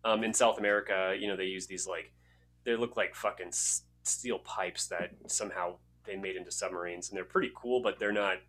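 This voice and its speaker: A man's voice: deep voice, fairly even intonation, brisk, a bit bright, a little hiss or hum. A man co-hosting a casual podcast, rambling with many fillers and swearing. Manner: rambling, filler-heavy, profane. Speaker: podcast co-host.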